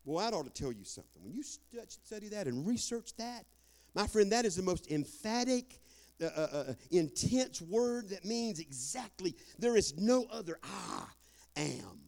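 High-voiced older preacher. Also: male voice, sing-song, moderate pace. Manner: folksy Southern preaching, calls for amen, swings loud and soft. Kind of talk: sermon.

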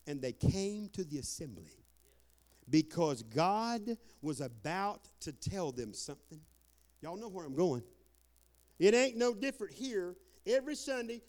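Animated preacher man, high lively voice. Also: normal speed. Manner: animated, whooping and shouting, folksy preaching. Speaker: pastor. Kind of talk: lively sermon.

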